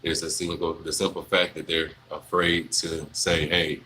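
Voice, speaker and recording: A young man, chatting casually on a livestream, answering viewers in a relaxed, rambling way full of fillers. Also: a bass voice, moderate pace, a little hiss or hum, rough recording. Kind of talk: casual live Q&A chat.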